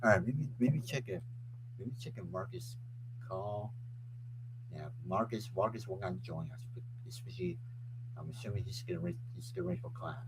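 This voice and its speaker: A man hosting a casual live stream who keeps restarting and repeating his phrases and breaks into loud, excited sports chants. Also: sits low, moderate pace, a little hiss or hum, low-quality recording. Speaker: host of a live web show.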